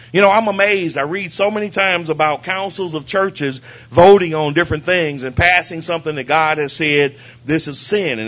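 A man delivers a fervent sermon in a fairly high voice, circling back on his points and quoting scripture. The recording sounds a little dull and lo-fi. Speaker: preacher.

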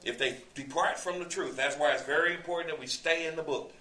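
In an echoey room with a crowd audible in the background, a distant mic captures a fast-talking man with a slightly high voice. He's preaching verse by verse, conversationally, citing scripture and throwing out rhetorical questions.

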